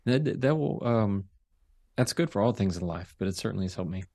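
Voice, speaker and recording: A man with a deep voice, a trial lawyer speaking as a guest over a video call, talking slowly, calmly and deliberately. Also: dry recording. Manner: slow, calm, deliberate delivery. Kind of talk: casual interview talk.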